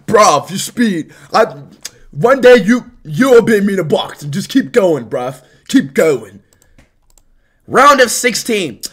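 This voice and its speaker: A young man live streaming, talking loudly and excitably to his chat and swearing often. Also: high-pitched, slow, husky. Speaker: livestreamer.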